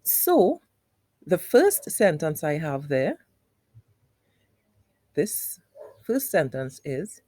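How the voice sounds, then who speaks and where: A woman teaching young children, with a low, mellow voice that swoops widely up and down. She talks unhurriedly and patiently, repeating each point in a sing-song way, as if speaking straight to the class. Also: very animated, extremely slow, pauses often, no echo. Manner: patient, explains step by step with repetition.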